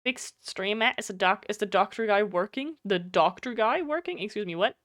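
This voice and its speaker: A woman's voice: medium pitch, expressive, normal speed, fairly bright tone, dry recording, clean studio sound. A woman with a German accent, a native German speaker, chatting casually and bluntly on a live game stream, swearing freely, her voice slightly nasal.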